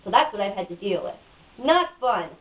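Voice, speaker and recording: A woman's voice: mid-range voice, big pitch swings, normal speed. A woman being interviewed in a casual home video, talking in a frustrated, cynical rant. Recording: dull lo-fi, mic at a distance.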